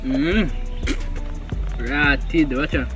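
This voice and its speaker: A man with a Jamaican accent co-hosting a casual mukbang vlog, animated and often repeating himself. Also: on the high side, very slow, soft background music.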